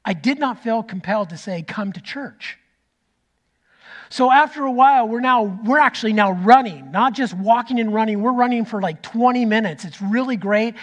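A middle-aged man preaching a sermon as pastor, telling a story that swings from loud to nearly whispered. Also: very high-pitched, normal speed. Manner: storytelling, rising loud then dropping to a near whisper.

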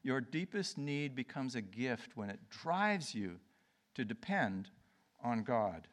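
A male pastor preaching a sermon, swinging between loud declarations and near-whispers. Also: medium pitch, very animated, slow.

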